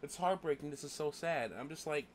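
A man's voice: fairly high pitch, fairly quick, a little hiss or hum. A young man streaming a game, rambling bluntly and profanely while grieving. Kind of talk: casual gameplay livestream chat.

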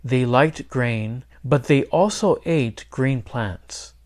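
A man's voice: mid-range voice, slow. Man reading a children's story aloud. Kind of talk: children's read-aloud narration.

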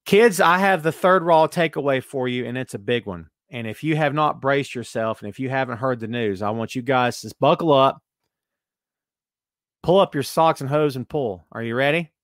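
With a mid-range voice at normal speed, a man hosts a casual podcast where he reads listener comments and answers with sarcasm. He's animated, going from loud asides to mutters. The studio sound is clean and dry.

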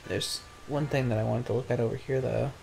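A woman's voice: a bass voice, fairly even intonation, brisk, vocal fry, a little mellow, faint music behind. A woman playing through a video game on a let's play, talking in a dry, matter-of-fact way. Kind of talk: casual gaming chat.

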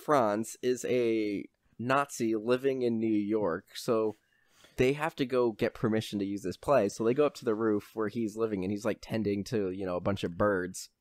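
A man's voice: on the low side, steady tone, normal speed, no room sound, studio quality. A man co-hosting a podcast, chatting casually and retelling film scenes, often acting out quoted lines. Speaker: podcast co-host. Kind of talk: casual movie recap chat.

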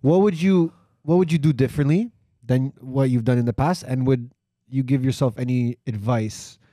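A man hosting a casual podcast, relaxed, laughing along and asking questions. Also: medium pitch, normal speed, no room sound, clean studio sound. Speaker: podcast host. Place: podcast studio.

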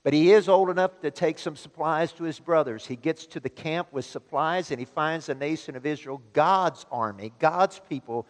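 A man preaching a sermon as pastor, emphatic and building to loud exhortation. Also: a little high, moderate pace, hardly any pauses. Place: church sanctuary. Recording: long church reverb.

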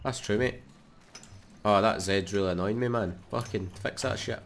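A young Scottish man giving sweary, excitable let's play commentary into a desk mic. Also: on the low side, normal speed, noisy background. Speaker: gaming YouTuber.

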